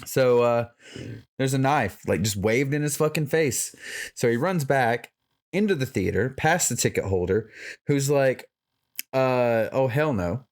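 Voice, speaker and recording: A man's voice: medium pitch, lively intonation, unhurried. Rambling, profane male podcast co-host. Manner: loose, profane, rambling recap. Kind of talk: casual movie-review chat.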